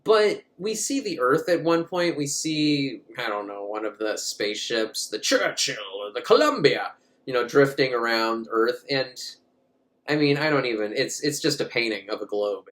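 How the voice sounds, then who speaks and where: A man's voice: medium pitch, very animated, moderate pace, a bit bright. A man recapping a movie in a casual, comic way, rambling, swearing and often laughing. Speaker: movie reviewer.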